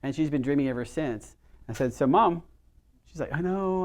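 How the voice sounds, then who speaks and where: A man's voice: on the high side, expressive, moderate pace. Chatty middle-aged man leading a workshop. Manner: chatty, storytelling, asks the audience questions. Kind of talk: casual workshop talk to a small group.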